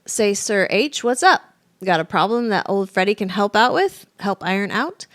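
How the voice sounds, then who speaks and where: A woman voicing a brash, greedy male fox who barks orders in a loud, high voice for a storybook. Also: very animated, moderate pace, no echo, clean studio sound. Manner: shrill, bossy, loud.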